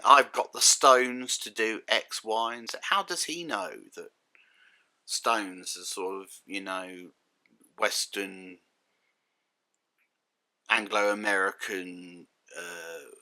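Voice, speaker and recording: A man's voice: lowish voice, animated, slow, creaky, pauses often, bright, forceful tone. A man giving a sardonic, exasperated spoken review, full of rhetorical questions. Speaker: critic and reviewer.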